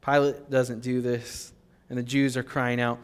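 A male pastor preaching a sermon in an animated, emphatic way. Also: medium pitch, a little slow, clean tone. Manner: animated, emphatic, with fillers and restarts. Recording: long hall reverb.

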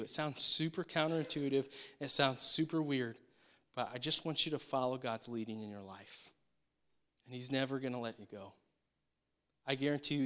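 A pastor with a mid-range, slightly bright voice preaches a sermon. He speaks conversationally and emphatically, frequently checking in with the congregation with a rhetorical "right?"

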